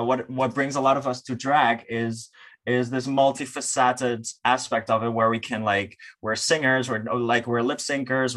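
A man's voice: mid-range voice, sharp tone. A man with a Dutch accent, talking eagerly as a podcast guest in casual chat, with many fillers. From Netherlands. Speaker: podcast guest, drag performer.

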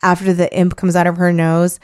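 A young woman co-hosting a casual chat, animated, swearing casually and acting out quotes. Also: fairly low pitch, a little fast. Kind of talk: casual chat recapping a story.

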